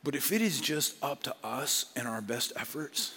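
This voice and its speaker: Guy preaching a sermon, casual chatty pastor, bright voice, big echoey church hall. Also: mid-range voice, expressive, moderate pace, breathy edge. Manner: conversational, acts out biblical figures in casual modern speech.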